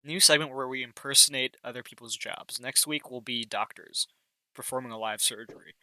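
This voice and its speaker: A man's voice: medium pitch, fairly quick, bright, forceful tone, no echo, poor audio. A young man co-hosting a podcast, making playful jokes in casual chat. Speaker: podcast co-host.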